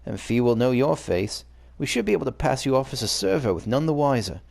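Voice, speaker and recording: A man's voice: mid-range voice, very animated, fairly quick, gravelly, darkish tone. A man reading aloud the lines of a friendly male cafe owner in a game, in a loose put-on accent.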